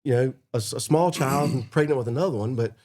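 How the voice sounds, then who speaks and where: A man with a mellow, even-pitched voice hosts a podcast interview. He asks his questions casually and adds reflective thoughts of his own. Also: fast. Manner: encouraging interviewer, reflective asides. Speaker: podcast host.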